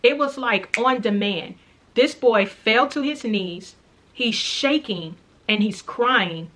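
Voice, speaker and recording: A woman's voice: a little high, animated, fairly bright tone. A woman earnestly telling the story of a dream in a casual, reflective way, repeating key parts. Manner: earnest, reflective, recounting slowly with repetitions. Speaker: faith vlogger sharing a dream.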